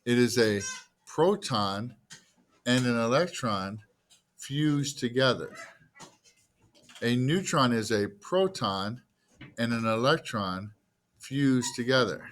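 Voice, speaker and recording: A teacher with a mid-range, somewhat bright voice gives a relaxed, conversational lecture. He sounds animated but speaks slowly with long pauses, quizzing the class and answering his own questions while tossing in jokey asides.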